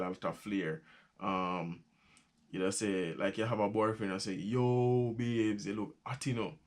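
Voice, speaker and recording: A young Jamaican man with a Jamaican accent, chatting casually as he explains local sayings, laughing often and repeating phrases. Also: low-pitched. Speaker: vlogger teaching patois.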